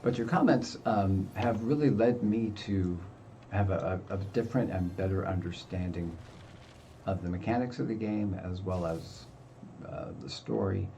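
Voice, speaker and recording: An older man talks casually over his gameplay, chatty and quick to poke fun at himself. His voice is low, gravelly and mellow. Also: slight background noise. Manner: chatty and self-deprecating. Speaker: gaming video host.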